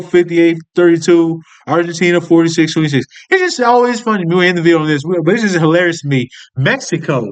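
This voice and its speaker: An American man giving casual, profane commentary, blunt and incredulous. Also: high-pitched. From United States.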